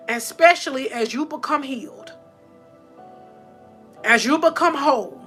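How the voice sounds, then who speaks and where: A woman's voice: sits high, pushed and bright. A woman hosting a faith-based motivational livestream, telling a personal testimony, calling her viewers y'all, emotional and close to tears. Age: adult with four sons.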